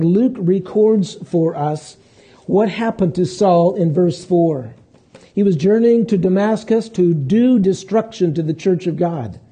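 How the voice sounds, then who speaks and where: A man preaching a sermon in a conversational way, pausing and restarting as he walks through scripture. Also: high-pitched, dark tone, slightly rough. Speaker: pastor.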